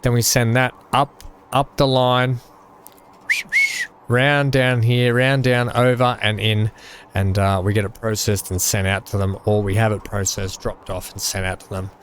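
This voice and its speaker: A man's voice: on the low side, flat delivery, measured pace, background noise. A man hosting a let's-play, giving casual, rambling commentary as he thinks aloud with plenty of fillers.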